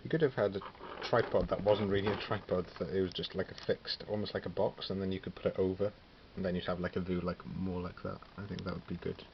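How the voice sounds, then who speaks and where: A Welsh man with a low voice and level tone talks quickly with few pauses, casually showing off his miniature figures as a wargaming hobbyist. He thinks aloud, full of fillers and self-corrections, in a relaxed show-and-tell of his collection. The lo-fi recording sounds slightly dull, with clearly audible background noise.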